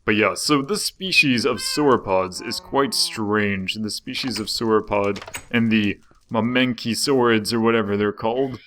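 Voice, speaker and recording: A man's voice: lowish voice, unhurried, hardly any pauses, bright, forceful tone, slight background noise. A young man casually commenting while playing a game, chatty and rambling, often breaking off mid-sentence. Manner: chatty, rambling, self-interrupting. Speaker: gaming video host.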